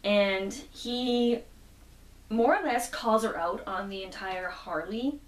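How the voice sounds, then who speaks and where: A woman's voice: medium pitch, takes it slowly. Woman recapping a comic in an echoey room. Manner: retells the story chattily, quoting characters. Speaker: comic book reviewer. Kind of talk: casual plot recap. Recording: roomy echo, mic at a distance.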